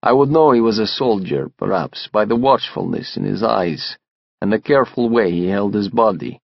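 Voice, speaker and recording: A male narrator reads a first-person audiobook in a measured, restrained manner. His voice sits low with a gravelly edge, recorded close and dry with a slightly dull tone. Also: dry recording.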